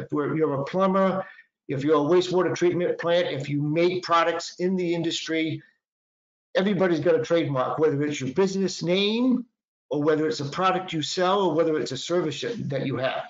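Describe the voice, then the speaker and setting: A middle-aged man with a Boston accent, a patent attorney giving a presentation in a conversational way, with fillers and self-corrections. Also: fairly high pitch. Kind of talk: webinar presentation. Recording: echoey, dull lo-fi sound.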